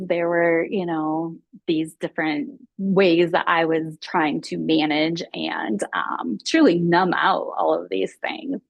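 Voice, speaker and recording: A woman's voice: on the low side, vocal fry, dry recording. A woman speaking as a guest mindfulness teacher, telling her own story openly and confessionally. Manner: open and confessional, acts out her own past thoughts. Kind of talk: candid personal storytelling.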